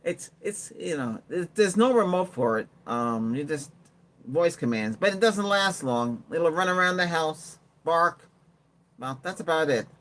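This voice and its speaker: A man's voice: fairly high pitch, animated, a little slow, fairly bright tone. A man hosting a tech livestream, chatting casually and rambling while he answers viewer comments and laughs often. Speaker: livestream host.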